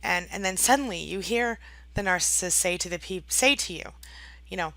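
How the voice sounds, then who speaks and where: Woman giving advice to camera, bright gravelly voice, chatty, keeps saying right? okay?. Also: fairly low pitch, a little fast, no echo. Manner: acts out quoted voices dramatically. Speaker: online coach for abuse survivors. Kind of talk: direct-to-camera advice talk.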